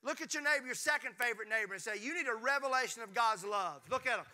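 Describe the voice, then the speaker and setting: A man's voice: very high-pitched, fast talker. A man, preaching a sermon with jokes and calls to the congregation. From Mississippi, US. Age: 50s. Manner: preaching with call-and-response to the congregation; animated, jokes and playful asides. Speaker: pastor.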